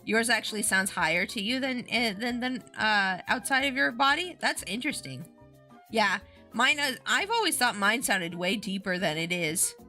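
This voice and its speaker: A woman's voice: fairly high pitch, expressive, moderate pace, sharp tone, faint music behind. A woman streamer chatting casually, rambling with lots of fillers and giggles. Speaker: VTuber streamer.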